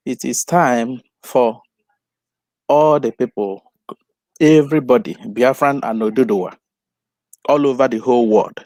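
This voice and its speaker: Halting man on a dry line. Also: mid-range voice, darkish tone, dry recording. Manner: halting, hesitant, with fillers. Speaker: caller. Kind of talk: call-in advice.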